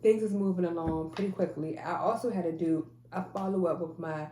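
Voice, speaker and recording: A woman's voice: fairly low pitch, a little fast, mellow, echoey room, slight background noise. A woman telling a personal faith testimony in a casual, emphatic way, repeating phrases and restarting often. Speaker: mother sharing a faith testimony.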